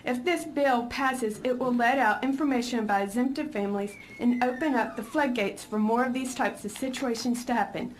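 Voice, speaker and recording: Woman, mother giving hearing testimony; firm, deliberate read, slightly high pitch, faint noise. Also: poor audio. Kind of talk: reading prepared testimony.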